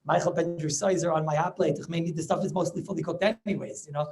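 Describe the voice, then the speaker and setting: Animated rabbi teaching over video call. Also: male voice, a little high, quick pace. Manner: animated, repeats words, rhetorical questions. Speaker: rabbi teaching a Talmud class. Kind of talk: lively Torah class over video call.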